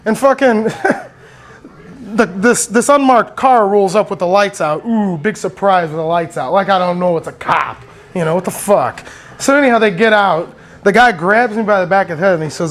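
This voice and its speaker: A man's voice: high voice, animated, normal speed, soft background music. A man telling a meandering personal story, swearing often, laughing a lot and getting worked up as he talks. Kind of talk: rambling personal anecdote.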